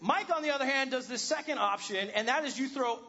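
A man's voice: very high voice, fast, sharp tone, highs cut off. A man in his thirties preaching a sermon, telling a funny home-repair story with self-deprecating humor. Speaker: pastor.

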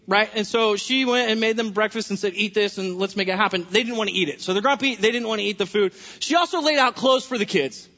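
A man preaches in a church sanctuary in a high, bright, pointed voice. He tells stories playfully and breaks in with jokes. The sound carries a long hall reverb and comes across slightly dull and lo-fi. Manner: animated storytelling, humorous asides. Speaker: pastor. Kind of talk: sermon.

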